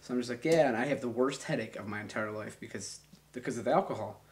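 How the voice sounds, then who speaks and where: A young man tells a rambling, foul-mouthed story in a loose, casual way. His voice sits at an ordinary mid pitch. He gets animated as he tells it. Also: fast. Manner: rambling, profane, animated retelling.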